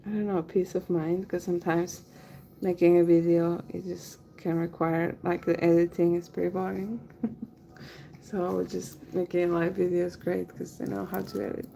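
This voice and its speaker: A woman chatting casually during a henna livestream, relaxed and chatty, trailing off as she concentrates and laughing often. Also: on the low side, moderate pace, gravelly, a little hiss or hum, low-quality recording. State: has the hiccups. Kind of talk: casual chat while working.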